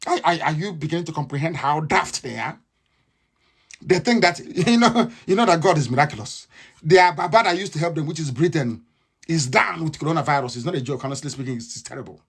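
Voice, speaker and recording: A man's voice: a little high, animated, fairly quick, a bit bright, breathy edge. A man with a Nigerian accent giving a combative, mocking live radio address, repeating his points again and again. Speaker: radio broadcaster.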